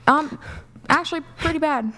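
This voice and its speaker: A woman's voice: sits high, moderate pace, sharp tone. A woman in her twenties who insistently defends her view on a debate panel. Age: 20s. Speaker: panel guest. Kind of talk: heated debate.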